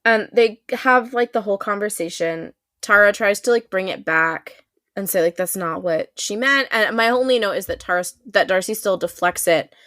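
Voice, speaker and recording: A woman's voice: medium pitch, fairly bright tone, dry recording, studio quality. A woman co-hosting a casual podcast chat, speaking earnestly and emphatically about how scenes make her feel. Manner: earnest, emphatic, slows down on feelings. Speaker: podcast co-host.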